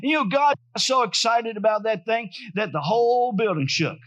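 A man's voice: sits high, expressive, normal speed, a bit bright, muffled recording. A man preaching a sermon as pastor, with rising fervor and frequent call-and-response.

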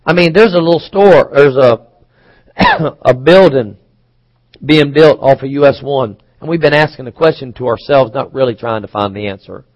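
A man's voice: a little high, animated, normal speed, dry recording, low-quality recording. A man preaching a sermon, chatty and questioning, acting out quoted voices, with occasional coughs. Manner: conversational, asks the congregation questions. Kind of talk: sermon teaching.

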